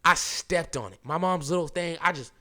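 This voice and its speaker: A young man hosting a podcast, telling a story in a casual, animated way and filling it with "bro" and "like.". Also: fairly high pitch, moderate pace. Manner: animated, keeps saying "bro" and "like"; acts out quoted lines, drops to a hushed voice at times. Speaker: podcast host.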